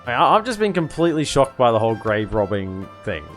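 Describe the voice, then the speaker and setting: A man's voice: mid-range voice, big pitch swings, fairly quick. Chatty man streaming a war game. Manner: chatty, repeats himself, gives orders to units. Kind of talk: casual live gameplay commentary. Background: game music.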